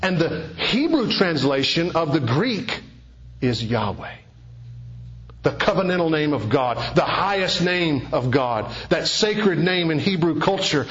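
A man delivering a sermon in a fairly high voice. He swings from soaring, emphatic lines down to hushed, almost whispered passages. The recording is dull and lo-fi. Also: animated, a little slow. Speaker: preacher.

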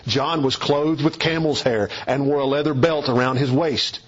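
A man preaching an expository sermon, emphatic and deliberate, leaning hard on key words. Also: mid-range voice, highs cut off.

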